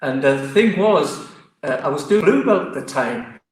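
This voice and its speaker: A man with a Geordie accent, a martial arts guest telling stories in a lively, chatty way. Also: fairly high pitch, moderate pace. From Newcastle, England. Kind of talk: casual storytelling interview. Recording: echoey room.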